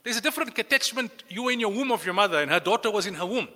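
A man preaching a sermon with lively delivery, acting out the voices he quotes. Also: sits high, very fast, long reverb tail. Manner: animated, acts out quoted voices. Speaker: Islamic preacher.

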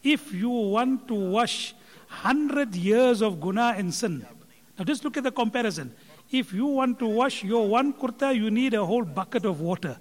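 A man's voice: high voice, animated, normal speed. A man giving a sermon, retelling a scholar's words with emphatic repetition. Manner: emphatic, repetitive counting for effect. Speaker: Islamic speaker. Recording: long hall reverb.

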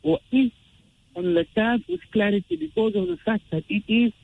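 A man teaching Quran recitation rules, explaining slowly and chanting drawn-out example verses. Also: very high voice, sing-song, vocal fry, slightly rough. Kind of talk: tajweed lesson with recited examples. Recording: tinny phone-like radio sound.

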